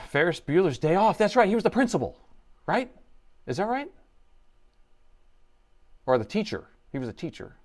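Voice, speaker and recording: A middle-aged man hosting a live repair stream, talking to his chat as he works. He is playful and excitable, jumping from the task at hand to banter with the viewers. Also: mid-range voice. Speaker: host and laptop repair technician.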